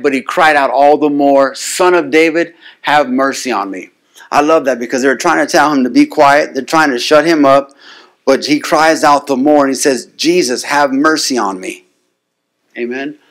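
This preacher has a mid-range, slightly bright voice. His sermon uses call-and-response with frequent "amen?" and swells into insistent, repeated declarations.

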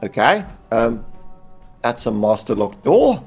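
A man's voice: mid-range voice, big pitch swings, unhurried, soft background music. A man casually commenting on his own video game play, curious and thinking aloud. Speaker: gameplay commentator.

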